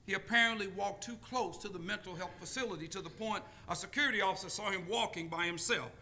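Male preacher, high bright voice, storytelling sermon with call-and-response. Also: a little hiss or hum. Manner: call-and-response, deliberate pauses.

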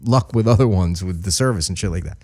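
A man in casual chat, telling a story in an animated way and swearing freely. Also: low voice, quick pace.

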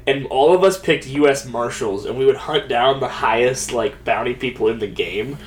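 A young man chatting casually on a podcast, telling animated stories, swearing and laughing often. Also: medium pitch, moderate pace, distant mic. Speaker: podcast co-host. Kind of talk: casual chat.

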